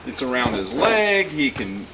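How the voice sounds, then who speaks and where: A man working as a horse trainer, explaining each step calmly and soothing the animal with repeated praise as he works in an outdoor pen. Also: medium pitch, measured pace, recorded from a distance. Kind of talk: instructional commentary while working. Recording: outdoors with loud insect noise.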